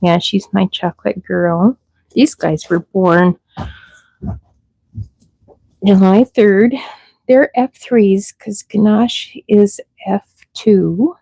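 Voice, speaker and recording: A middle-aged woman chats casually on her livestream, slow and unhurried. Her voice is gravelly and mellow. She coos sweetly at the baby rabbits between remarks. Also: mid-range voice, fairly even intonation, no room sound, rough recording. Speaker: rabbit breeder hosting a livestream.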